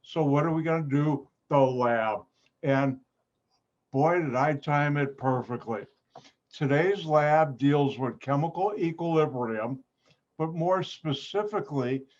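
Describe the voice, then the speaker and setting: A man with a Chicago accent teaching an online chemistry lab, joking with the class and breaking into sudden high exclamations. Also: takes it slowly, a little mellow. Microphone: video call. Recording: slightly dull video call audio.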